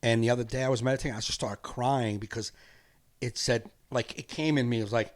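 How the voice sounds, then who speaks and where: An earnest, rambling man hosts a casual podcast. His voice sits at a middle pitch, and he laughs easily as he talks things through. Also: fairly even intonation, fast talker. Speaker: podcast host.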